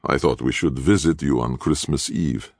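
A man voicing a cynical, scheming Italian villain, smooth and mocking in an audiobook. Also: rumbling low, normal speed, a little mellow, dry recording, clean studio sound, heavily acted. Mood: sneering.

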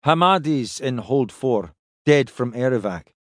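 A man's voice: medium pitch, animated, measured pace, no room sound, clean studio sound, lightly acted. A man voicing a grim, terse starship chief.

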